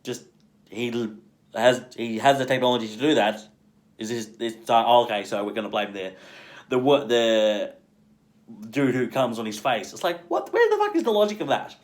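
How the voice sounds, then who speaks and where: A man's voice: mid-range voice, expressive, normal speed. A man reviewing a film in a casual vlog. He rambles through many fillers, swears freely and laughs often. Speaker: movie reviewer.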